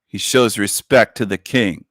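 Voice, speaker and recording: A man's voice: lowish voice, measured pace, fairly bright tone, no echo, clean studio sound. A man hosting an online show in a mocking livestream monologue, with a repetitive, taunting, sing-song delivery.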